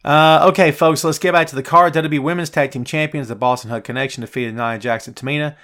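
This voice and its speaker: A man's voice: on the high side, fairly even intonation, fast talker, fairly bright tone. A man hosting a live wrestling review show, chatty and opinionated, answering viewers' chat questions by name.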